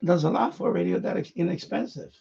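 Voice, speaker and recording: Guy rambling on a radio live stream, gravelly high voice, kinda dull lo-fi sound. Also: fast talker, mellow. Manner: rambling, repeats himself, chuckles often. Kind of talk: casual live-stream chat.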